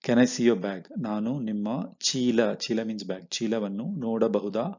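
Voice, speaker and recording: Rapid-fire low-voiced male language teacher. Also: a little mellow. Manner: explains step by step, repeating words and checking with "right?". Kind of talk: slide-based language lesson. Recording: dull lo-fi audio.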